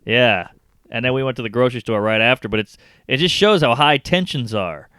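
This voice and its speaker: A man's voice: medium pitch, a little fast, smooth, dry recording, clean studio sound. A comedian, chatting casually and acting out people from his stories. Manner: animated storyteller acting out people he met. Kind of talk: casual podcast chat.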